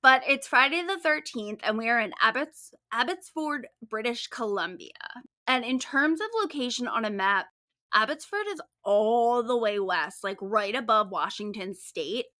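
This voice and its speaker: A woman's voice: on the high side, lively intonation, moderate pace, bright, forceful tone, no echo, studio quality. A woman co-hosting a true-crime podcast, telling the case in upbeat, chatty style with casual swearing. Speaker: podcast co-host and case writer.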